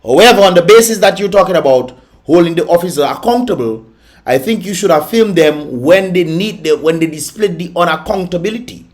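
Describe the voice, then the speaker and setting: A man's voice: high voice, expressive, a little fast. A man hosting a reaction vlog, scolding and mocking with frequent laughter. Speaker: vlog host reacting to videos. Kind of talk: reaction commentary.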